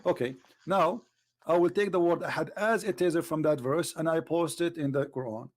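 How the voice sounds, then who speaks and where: A man's voice: normal speed, a little mellow. A man hosting a heated live debate with a caller, mocking him and talking over him. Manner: mocking, talks over the caller, switches to a low aside voice. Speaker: host.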